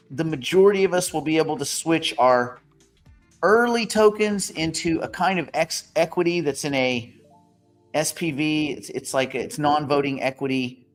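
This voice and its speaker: A man hosting an investing question-and-answer show, talking in a blunt, rambling and often profane way. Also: fairly high pitch. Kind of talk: casual livestream Q&A.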